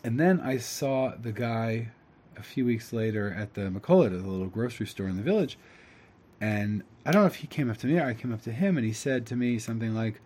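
A man's voice: on the low side, expressive, a little fast, darkish tone. A man giving a casual spiritual talk, rambling and reflective, with many fillers. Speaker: host telling a spiritual story.

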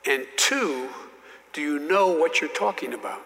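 A man's voice: medium pitch, expressive, unhurried, a bit bright, big-room sound, low-quality recording. An older man, a former politician, telling folksy, self-deprecating anecdotes as an interview guest.

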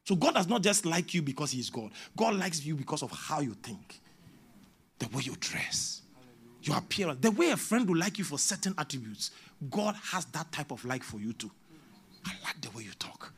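A man with a Ghanaian English accent preaching a sermon as a prophet, moving between hushed asides and shouted exhortation. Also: fairly high pitch, very animated, moderate pace, husky.

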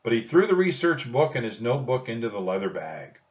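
A man narrating a children's storybook audiobook in a slow, expressive storytelling manner. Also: medium pitch. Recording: dull distant recording.

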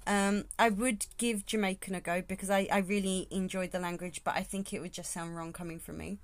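A woman's voice: medium pitch, dry recording. Chatty woman podcaster. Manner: chatty, rambling, thinking aloud. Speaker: podcast host. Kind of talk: casual solo podcast monologue.

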